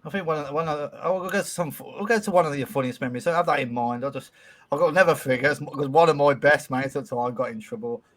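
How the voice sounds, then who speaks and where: A man's voice: a little high, fast, fairly bright tone. A man hosting a podcast, telling a school memory in loose, sweary casual chat with chuckles. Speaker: podcast host.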